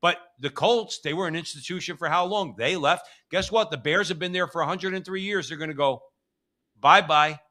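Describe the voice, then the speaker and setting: A man rants through political commentary with a bright, forceful edge, his voice sitting a little high. He sounds belligerent and heated, co-hosting a talk show. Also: brisk, few pauses. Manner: belligerent, ranting. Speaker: co-host.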